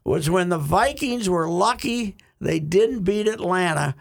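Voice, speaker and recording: A man's voice: lively intonation, a little slow. An older man, a regular on a sports talk show, telling rambling stories in casual chat and breaking into chuckles. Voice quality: gravelly, husky. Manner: rambling storyteller, chuckling, bursts into high laughs.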